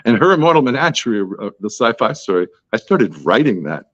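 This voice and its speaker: An author guest on a podcast answers interview questions, his man's voice sitting at medium pitch and swinging widely as he talks briskly. He's chatty, tangential and self-deprecating, and the recording has no room sound with the highs cut off.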